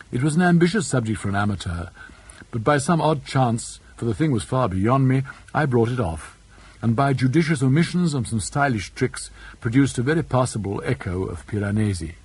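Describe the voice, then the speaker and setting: A man reading a novel aloud as an audiobook narrator, with measured, elegant, theatrical phrasing and a husky voice. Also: medium pitch, low-quality recording.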